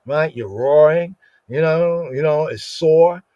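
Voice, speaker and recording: A man's voice: fairly high pitch, takes it slowly, dark tone, no echo. A man teaching scripture on a podcast, repeating words in a musing way and asking "right?" again and again. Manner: repetitive, musing, asks "right?" often. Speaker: Bible teacher. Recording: dull lo-fi dry sound.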